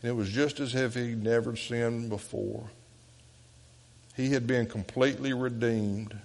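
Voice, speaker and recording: A man's voice: medium pitch, fairly even intonation, measured pace, vocal fry. Preaching Southern man in a reverberant sanctuary. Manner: earnest preaching, swinging from loud appeals to hushed quotes. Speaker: pastor. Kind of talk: sermon. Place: church sanctuary.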